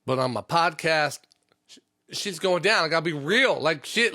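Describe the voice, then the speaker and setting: A man's voice: fairly high pitch, lively intonation, moderate pace, pushed and bright, no room sound, clean studio sound. A man who works a union trade, hosting a podcast in a loose, rambling monologue full of swearing and fillers. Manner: profane, lots of fillers.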